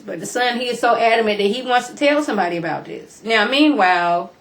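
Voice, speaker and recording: A woman vlogger casually recapping TV episodes, colloquial and incredulous, her voice jumping high when exclaiming. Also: brisk, few pauses. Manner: colloquial, chatty, talks straight to viewers.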